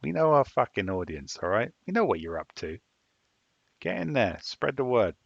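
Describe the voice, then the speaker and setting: A man's voice: mid-range voice, sing-song, normal speed, vocal fry, breathy edge, no echo. An English man co-hosting a podcast, talking casually and swearing often as he fires up his listeners. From England. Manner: profane, emphatic rallying of listeners. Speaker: podcast co-host. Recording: dull, dry lo-fi sound.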